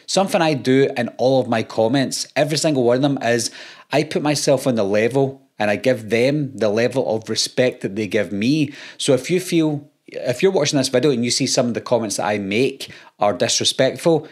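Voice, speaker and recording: A man's voice: mid-range voice, fairly quick. Dry-witted Scottish man. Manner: dry, sarcastic, matter-of-fact. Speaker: YouTube film channel host. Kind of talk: casual monologue reading and answering comments.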